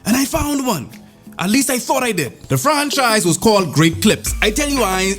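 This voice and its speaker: A man spins a comic story in a fairly high voice, rambling and animated. He keeps breaking off into playful asides, with faint music underneath. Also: normal speed. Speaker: vlogger. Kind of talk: comedic storytelling.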